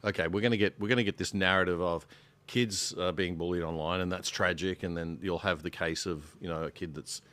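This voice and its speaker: Man, guest commentator, emphatic, exasperated, low voice, dry sound. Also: fairly even intonation, brisk, a bit bright, no echo. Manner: emphatic, rising into exasperated indignation. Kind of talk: casual panel discussion.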